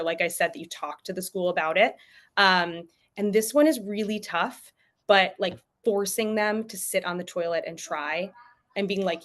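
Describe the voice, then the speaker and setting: A young adult woman talks through potty-training advice in a loose, chatty way, full of "like" and asides. She keeps jumping into quick, playful voices for parents and toddlers. It sounds like a video call. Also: fairly low pitch, a bit bright. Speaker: pediatric sleep and potty training expert. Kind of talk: presenting tips at a virtual event.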